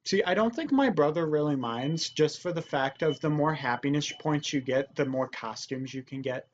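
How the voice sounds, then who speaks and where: A woman's voice: low voice, moderate pace, darkish tone. Chatty woman hosting a let's-play. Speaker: channel host. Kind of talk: casual let's-play commentary. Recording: slightly muffled home recording.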